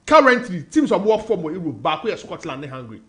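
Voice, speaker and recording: A Ghanaian man gives radio football analysis in a high voice. He mixes Twi and English, rattling off team names in quick bursts. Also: very animated, a bit bright. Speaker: sports panellist.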